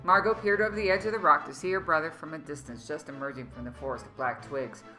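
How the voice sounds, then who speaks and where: A woman with a low-pitched, bright and tense voice reads a fantasy story aloud. Her narration is dramatic and expressive, with faint music playing underneath. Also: fast talker, poor audio.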